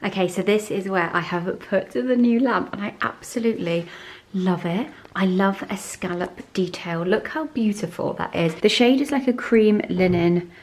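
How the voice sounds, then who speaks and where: A woman's voice: medium pitch, normal speed, over music. A young woman, chatting enthusiastically in a casual home vlog about decor and clothes. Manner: gushing, enthusiastic product chat. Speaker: lifestyle vlogger.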